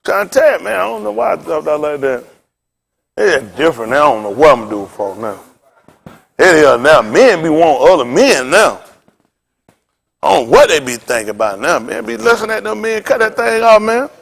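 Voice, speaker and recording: A man preaching as pastor in a joking, rambling sermon, animated and laughing often with loud exclamations. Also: a little high, moderate pace, creaky.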